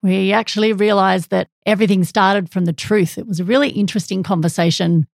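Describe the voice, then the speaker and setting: A woman telling how she and her husband rebuilt their business, in a calm, matter-of-fact way. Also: mid-range voice, brisk, vocal fry, no room sound, clean studio sound. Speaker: business co-owner and wife. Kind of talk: personal storytelling.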